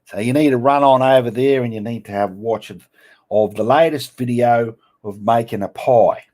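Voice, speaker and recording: A man's voice: medium pitch, moderate pace, a little mellow. A man hosting a casual live stream, reading out viewer comments in a playful, teasing way. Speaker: livestream host.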